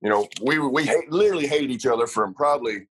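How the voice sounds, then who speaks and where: A middle-aged man with a drawl spins racing stories in a casual interview. His voice is husky and mid-pitched, and he rambles, cusses and laughs easily. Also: expressive, fast, a bit bright, rough recording. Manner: rambling, salty, laughs often, many fillers. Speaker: retired racer guest.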